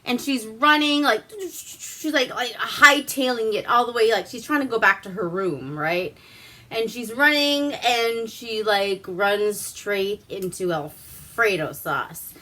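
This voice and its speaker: A woman's voice: on the high side, expressive, slow, bright, forceful tone. A woman vlogger retelling a movie plot in a loose, chatty way, full of "like" fillers and swearing, while drinking wine at home.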